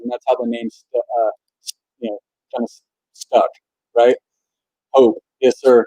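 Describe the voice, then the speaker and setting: Young American guy, motivational storyteller, relaxed and earnest, slightly dull recording. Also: mid-range voice, normal speed, pauses often, no echo. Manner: casual, earnest, frequent restarts and "like". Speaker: motivational speaker. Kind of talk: personal storytelling monologue.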